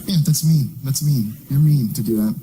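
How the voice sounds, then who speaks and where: A man's voice: mid-range voice, normal speed, mellow, a little hiss or hum, low-quality recording. A man doing a stand-up comedy routine, brash and mocking, who puts on silly voices.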